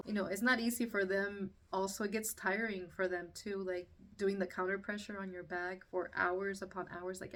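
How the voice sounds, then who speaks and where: A woman's voice: mid-range voice, fairly bright tone, distant mic. A woman casually telling her own story, acting out what people said and laughing through the tense parts.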